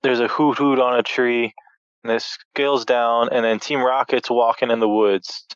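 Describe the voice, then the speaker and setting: A man appearing as a podcast guest, calmly retelling part of a cartoon episode in casual talk. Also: mid-range voice, normal speed, clear, resonant tone, no echo, dull audio.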